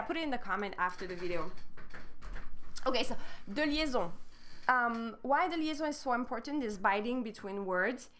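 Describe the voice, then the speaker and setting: A woman's voice: medium pitch, fairly bright tone. Chatty French-accented woman teaching live. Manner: chatty, explains step by step, non-native grammar slips. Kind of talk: casual live-stream lesson.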